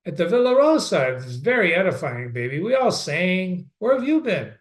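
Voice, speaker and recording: A boisterous young male officer teases in a loud, raised voice, as a man reading aloud puts him on. He is playful and brash, pitched higher than the plain narration. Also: very animated, normal speed. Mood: teasing.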